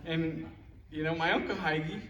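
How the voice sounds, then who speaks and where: A young man gives a roast speech about his father at a live event, telling jokes and stories and laughing at his own lines along with the audience. His voice sits on the high side, fairly bright and fairly even in intonation, at normal speed. The recording is noisy and echoey, captured from far off in a large hall.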